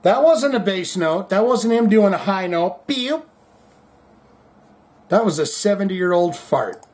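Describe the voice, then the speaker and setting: Excitable man commentating a clip. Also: high voice, moderate pace. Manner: animated, crude, jokey play-by-play. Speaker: video commentator. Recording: loud background noise.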